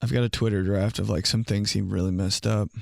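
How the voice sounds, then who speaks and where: A young podcast host tells comic stories in a casual monologue, laughing often and mimicking voices. His voice is fairly low, creaky and fairly quick with fairly even intonation, recorded dry with clean studio sound.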